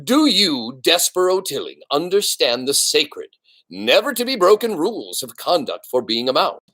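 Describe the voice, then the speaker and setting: A man voicing a stern, pompous elder head mouse who hands down judgments slowly. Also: very animated, bright, forceful tone, exaggerated voice. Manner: slow, booming, pompous pronouncements.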